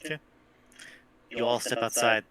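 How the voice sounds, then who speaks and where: A man's voice: medium pitch, moderate pace, a loud crowd. A man narrating as game master of a tabletop game, laughing often and swearing freely.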